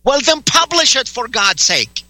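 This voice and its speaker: Male talk radio host, high sharp voice, combative and sarcastic, dry studio mic. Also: sing-song, a little slow, no room sound, poor audio. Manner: interrupting, demanding, sarcastic. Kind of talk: heated on-air argument with a caller.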